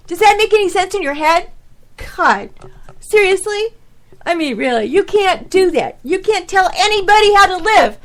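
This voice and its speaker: A high-pitched middle-aged woman hosts her own podcast alone, talking straight to the listener. She rambles and gets emotional, raising her voice like a preacher as she rants, then laughs at herself. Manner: animated, preachy ranting. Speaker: podcast host. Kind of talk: casual monologue.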